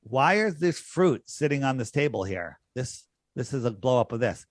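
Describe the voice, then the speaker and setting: A man's voice: mid-range voice, expressive, normal speed, no echo, studio quality. A man talking in an emphatic, scornful way on a podcast, repeating his points for effect. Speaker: podcast guest. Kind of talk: conversational podcast argument.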